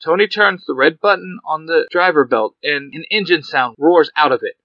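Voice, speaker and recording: Man narrator, slightly high, plain read; dull lo-fi, dry recording. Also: normal speed, dry recording. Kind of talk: reading fan fiction aloud.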